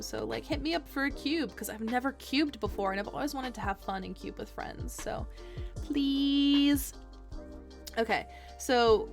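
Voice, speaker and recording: A young woman streamer chatting casually as she reviews trading cards, gushing and giggly, rambling with lots of fillers. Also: a little high. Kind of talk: casual chat.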